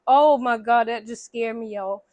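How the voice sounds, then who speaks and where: Woman, high voice, relaxed storyteller at home, animated and acts out every line, dry close mic. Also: a little slow, no room sound. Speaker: vlogger recapping a movie. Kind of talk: casual storytelling chat. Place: home room near a window.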